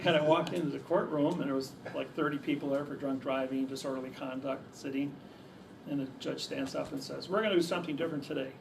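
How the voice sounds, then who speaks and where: Here the storyteller's voice sits on the high side and sounds creaky. He rambles through casual stories for a crowd, starting his sentences over repeatedly, captured by a distant mic amid faint background noise.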